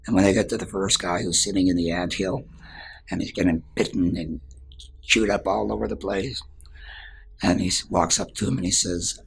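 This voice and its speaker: Gravelly deep-voiced man telling a spiritual story. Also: steady tone, normal speed. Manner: earnest storyteller, drops to a whisper at times. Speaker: spiritual teacher.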